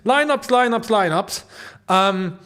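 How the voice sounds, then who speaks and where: A young man hosting a live football watchalong, chatty and quick to laugh as he talks to his viewers. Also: high-pitched, expressive, a bit bright, clear, resonant tone. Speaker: football channel host.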